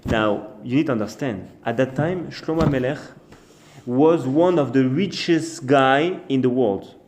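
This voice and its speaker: Halting rabbi telling a story in an echoey room. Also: male voice, mid-range voice, a little mellow. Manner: halting, repeats and restarts phrases; acts out the birds and the king in short quoted bits. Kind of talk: storytelling sermon. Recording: echoey room with faint noise.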